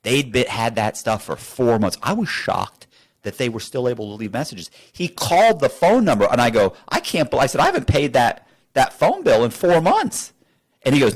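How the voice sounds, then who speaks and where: A man's voice: medium pitch, big pitch swings, brisk. A man telling a story as an interview guest in a studio, acting out both sides of the conversations.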